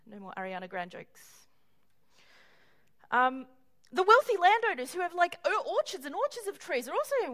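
A woman delivers a sermon in a high, bright-sounding voice. She preaches with animation, slipping into little acted-out voices and joking asides. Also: brisk. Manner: animated, acts out quoted voices with humorous asides.

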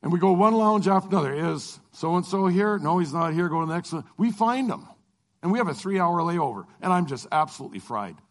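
Speaking fairly quickly in a high voice, a middle-aged man who lectures on Christian topics recounts a trip he took. He brings the story to life by acting out the conversations with animation.

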